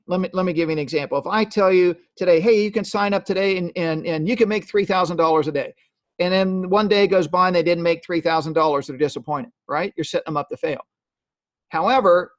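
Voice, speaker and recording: A man's voice: a little high, no room sound. A man giving a live sales training talk, emphatic and repetitive, often checking in with "okay?". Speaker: network marketing trainer. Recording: dull lo-fi dry sound.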